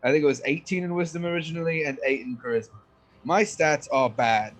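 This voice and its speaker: A man's voice: a little high, brisk. A young man playing a tabletop game online, chatting casually, swearing freely and laughing mid-sentence. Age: young adult.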